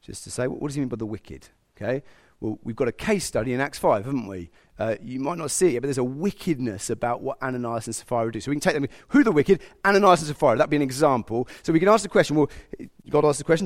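A man preaching a sermon, animated and sometimes speaking God's thoughts aloud. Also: on the high side, brisk. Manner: animated, acts out God's inner voice.

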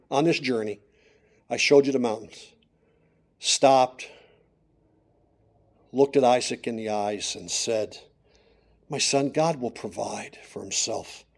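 A middle-aged man preaching a sermon, moving from quiet storytelling to loud, emphatic declarations. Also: mid-range voice, gravelly.

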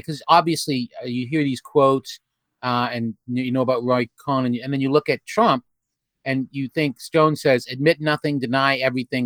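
A podcast host with a mid-range voice runs a casual group chat over video call, recorded with no echo. He rambles as he asks questions, halting often with fillers and restarted sentences.

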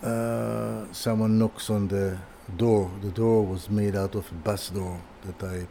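Older man, interview guest, fairly low voice, soft mellow tone, halting storytelling full of restarts. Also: little pitch movement, vocal fry, a little hiss or hum. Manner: halting, with many restarts and repeated words. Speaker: guest, furniture designer. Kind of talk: casual anecdotal storytelling.

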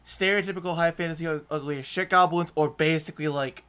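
A man playing in a tabletop game, chatting casually, halting and repeating words as he jokes. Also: a little high, fairly even intonation, a bit bright, slight background noise. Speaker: player.

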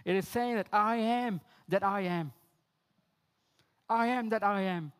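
High-voiced man preaching a sermon. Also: a little slow, fairly bright tone, clean tone. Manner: rises to emphatic high exclamations, drops low for quoted lines; repeats phrases, addresses listeners as friends.

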